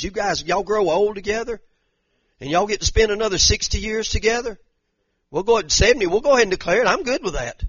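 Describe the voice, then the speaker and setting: A man's voice: high voice, sharp tone, no echo, lo-fi sound. A pastor preaching a fervent sermon, repeating his points and using casual slang. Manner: fervent, repetitive preaching with Southern-style slang.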